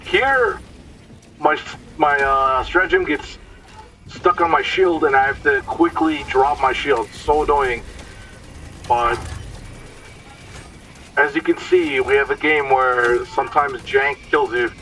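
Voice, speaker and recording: A man's voice: medium pitch, takes it slowly, pauses often, bright, forceful tone, distant mic, slight background noise, rough recording. A man giving casual, explanatory commentary over his gameplay, sometimes stumbling over words.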